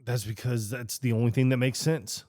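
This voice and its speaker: A man co-hosting a podcast, chatting casually and doubling down with stubborn, deadpan insistence. His voice sits at a middling pitch, recorded dry and close with no room sound. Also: moderate pace, no room sound. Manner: stubborn, deadpan storytelling with swearing. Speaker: podcast co-host. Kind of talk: casual chat.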